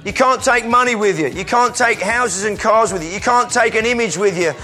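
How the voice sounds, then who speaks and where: A man preaching an energetic sermon in church, calling volunteers up and sometimes breaking into shouts. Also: high-pitched, fairly quick, soft background music. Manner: energetic, calls out to the crowd, bursts into shouts.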